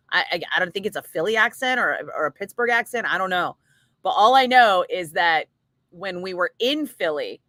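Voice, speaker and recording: A middle-aged woman radio host talks loosely with her listeners, frank, chatty and quick to laugh, with a swear word here and there. Her voice sits a little low but sounds bright and forward. The close mic is dry, with no room sound at all. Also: dry recording. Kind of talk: casual live chat between radio segments.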